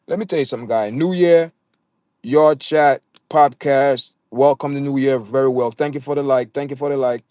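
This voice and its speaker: A man's voice: mid-range voice, moderate pace, a little mellow, dry recording, studio quality. A man with a Jamaican accent hosting a casual livestream, talking straight to his chat viewers and often stammering and repeating words. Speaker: livestream host.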